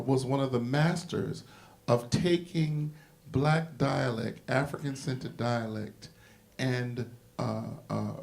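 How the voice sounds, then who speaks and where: Gravelly-voiced man lecturing on a panel. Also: medium pitch, a little mellow. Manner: emphatic, explanatory lecturing. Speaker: panel moderator and history teacher. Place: symposium panel.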